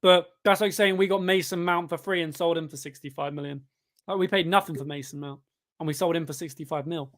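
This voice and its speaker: A young man, pitched a little above most men, talks through a live football stream while reading chat aloud. He sounds tired and rambles casually, then breaks into excited shouts whenever the match heats up. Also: brisk. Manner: chatty, bursts of excitement at the game.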